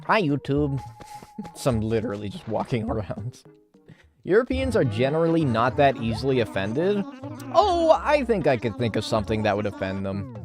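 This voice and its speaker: A man chatting through a game livestream, his pitch jumping all over as he reacts to chat messages. He swears casually and riffs loosely on each comment. Faint game music plays underneath. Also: wildly swooping pitch, moderate pace. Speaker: streamer.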